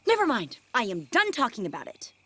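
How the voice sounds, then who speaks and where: A woman's voice: a little high, huge pitch swings, a little fast, background noise. A woman voicing a stubborn, exasperated teenage girl in a cartoon clip, sounding indignant and insistent. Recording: cartoon clip with music behind.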